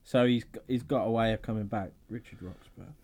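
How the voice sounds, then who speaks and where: A man's voice: lowish voice, brisk, a little mellow. A man co-hosting a podcast in casual, sweary chat, laughing often. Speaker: podcast co-host.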